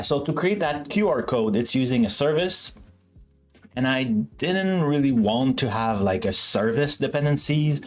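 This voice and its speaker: Slow, rambling male stream host. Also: mid-range voice. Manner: rambling, self-correcting, chatty with viewers. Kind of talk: casual live-stream chat.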